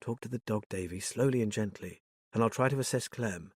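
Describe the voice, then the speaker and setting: A man narrating a story and voicing a calm, firm middle-aged woman, a former police officer, who gives crisp orders and then speaks gently. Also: fairly low pitch, fairly quick, no echo, studio quality. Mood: soothing. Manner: commanding, then soothing and gentle.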